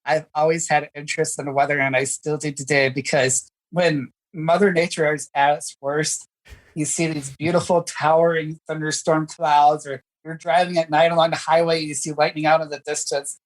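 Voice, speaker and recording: A woman's voice: deep voice, little pitch movement, moderate pace, rough recording. A woman who is a guest on a casual podcast interview, talking enthusiastically and at length. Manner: enthusiastic, talkative. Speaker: podcast guest, former political candidate.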